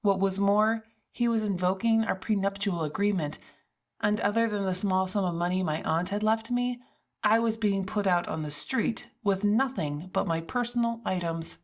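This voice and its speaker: A woman's voice: mid-range voice, moderate pace. A woman narrating a first-person audiobook in a wry, self-mocking storytelling manner.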